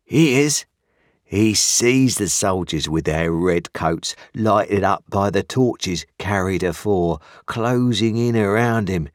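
A man voicing a ragged, starving escaped convict with gruff, rough country speech. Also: lowish voice, takes it slowly, no echo, studio quality. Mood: haunted. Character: ragged, starving, hunted older male convict.

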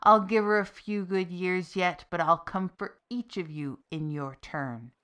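A woman voicing Death as a stern, ancient male figure with a measured, grim manner and old Scots turns of speech, in a storytelling podcast. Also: lowish voice, a bit bright, smooth.

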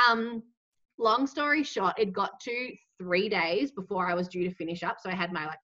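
Chatty young Australian woman, bright voice. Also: mid-range voice, moderate pace, lo-fi sound. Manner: chatty, heavy use of "like". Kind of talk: casual podcast storytelling.

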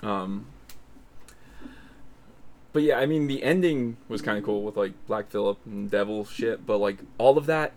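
A man's voice: lowish voice, measured pace, long pauses, darkish tone. A man giving blunt, offhand opinions in casual podcast chat, with many fillers.

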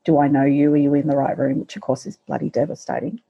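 A middle-aged woman with a somewhat low, husky voice shares a personal story in an interview. Her tone is mellow and soft-edged. She speaks haltingly and reflectively, often pausing and restarting. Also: fairly even intonation, lo-fi sound. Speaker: guest.

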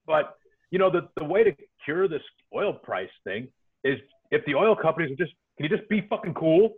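A man's voice: a little high, animated, fairly quick, slightly rough. A man co-hosting a podcast, griping in a laid-back, profane casual chat. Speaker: podcast co-host. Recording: tinny phone-like line.

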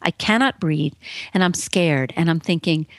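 A woman guest telling her story on an interview show, earnest and emphatic, acting out the voices she quotes with big pitch swings. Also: moderate pace, no echo. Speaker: guest author. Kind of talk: animated personal storytelling.

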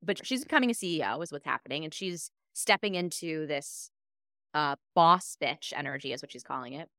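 Woman co-host, lowish voice, dry studio sound, lively retelling in relaxed chat. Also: fairly quick, no room sound. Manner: animated storyteller, acts out quoted dialogue. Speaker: podcast co-host. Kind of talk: casual chat.

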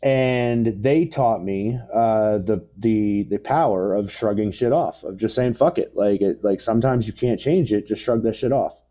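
Man, 30s, dark mellow voice, casual profane storytelling, rambling fillers. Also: fairly low pitch, unhurried, few pauses. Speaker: podcast guest.

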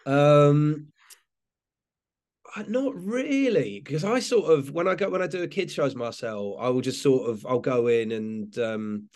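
A man's voice: mid-range voice, animated, a little slow, darkish tone. An English man, a comedian, chatting in an interview, rambling and restarting with frequent laughs. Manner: rambling, self-correcting, laughs often. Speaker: comedian guest. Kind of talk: casual interview chat.

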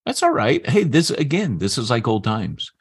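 A man's voice: medium pitch, huge pitch swings, husky. A man co-hosting a podcast, joking around and steering the casual chat. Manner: joking, quick to laugh, jumps in with quips. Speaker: podcast co-host.

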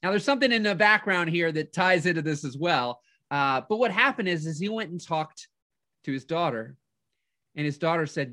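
A man who works as a life coach, giving an energetic motivational talk, telling a personal story with frequent restarts. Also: fairly high pitch, moderate pace.

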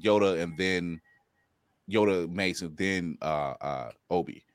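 A man co-hosts a podcast in a casual, profane, animated style, acting out little quotes as he tells a story. His voice is deep and slow, with no room sound.

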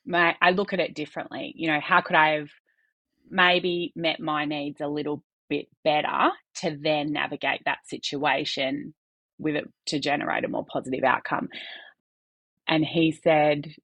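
A woman's voice: low voice, little pitch movement, a little slow, a bit bright, no echo. A woman, a podcast guest talking candidly in earnest bursts with some restarts.

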